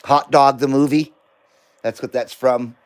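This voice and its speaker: A man's voice: medium pitch, steady tone, unhurried, clear, resonant tone. A middle-aged man hosting a live stream, chatting casually, joking and laughing often as he reads comments.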